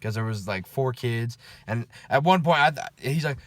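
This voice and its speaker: A man recounting his night-shift security work in a loose, chatty vlog. He swears freely and keeps tossing in "okay?" and "right?" to check in with the listener. His voice sits at an ordinary pitch and sounds close and dry, with no room around it. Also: animated, moderate pace, no echo. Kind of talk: casual after-work storytelling vlog.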